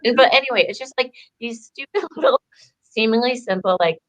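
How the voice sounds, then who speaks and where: This woman's voice is on the high side, expressive and a bit bright, and she talks a little fast. An empowerment coach in a casual interview, she tells her story chattily, piling on "like" fillers and acting out what people said.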